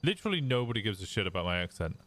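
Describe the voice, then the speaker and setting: A man's voice: on the low side, very fast. A young man with a fairly posh English Midlands accent, chatting casually with viewers as a streamer and answering their comments. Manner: relaxed, rambling, reads chat aloud and answers.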